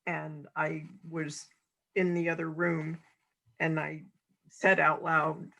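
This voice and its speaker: Gravelly bright-voiced woman podcaster. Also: deep voice, slow pace, poor audio. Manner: animated storyteller with repeated restarts. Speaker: podcast co-host. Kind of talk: conversational podcast talk.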